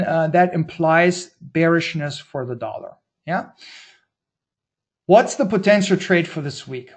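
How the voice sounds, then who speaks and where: A man hosting a trading webinar, talking through market charts in a brisk, blunt, informal way, with slang and frequent restarts. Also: on the high side, a little mellow. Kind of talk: casual market-analysis webinar talk.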